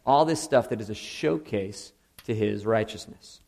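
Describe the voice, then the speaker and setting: A man preaching a sermon in a casual, conversational way. He keeps checking in with the audience with "okay?" and "right?" and sometimes jumps into high, emphatic bursts. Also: unhurried, creaky, darkish tone. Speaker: pastor.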